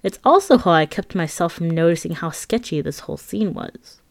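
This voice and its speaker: A woman's voice: fairly low pitch, animated, normal speed, creaky, dry recording. A woman reading her own memoir aloud as an audiobook, candid and wry, with frank asides to the listener. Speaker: memoir narrator.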